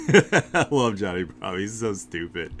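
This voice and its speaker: A man's voice: fairly low pitch, slight background noise. A man hosting a live art share stream, chatting casually in a rambling way with lots of fillers and chuckles. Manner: laid-back and rambling, with many fillers and chuckles.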